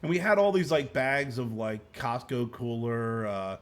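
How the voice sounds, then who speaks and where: A middle-aged man co-hosting a casual chat, an animated storyteller who swears freely and laughs often. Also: medium pitch, measured pace. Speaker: podcast co-host.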